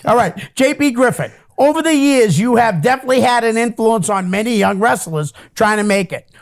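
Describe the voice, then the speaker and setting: A man hosting a casual podcast, reading listener questions and chatting along with quick replies. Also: very high-pitched, lively intonation. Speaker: podcast host.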